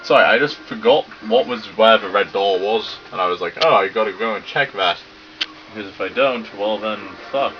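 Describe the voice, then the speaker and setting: A British man narrating a video game playthrough, reading the characters' lines aloud and cracking crude jokes between them. His voice sits on the low side. The recording is dull and lo-fi, with game music playing clearly underneath. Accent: British English. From Britain. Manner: sweary, joking, does quick silly voices for characters. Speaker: let's play gamer. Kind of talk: let's play commentary, reading game dialogue aloud.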